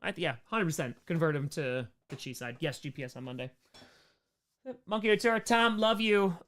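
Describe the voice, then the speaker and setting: A man hosts a casual livestream Q&A, reading chat names and riffing with loose, rambling jokes. His voice sits a bit high and sounds smooth and clear. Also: lively intonation, fairly quick, fairly bright tone. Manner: rambling, jokey, answers chat names aloud. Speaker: streamer host answering chat.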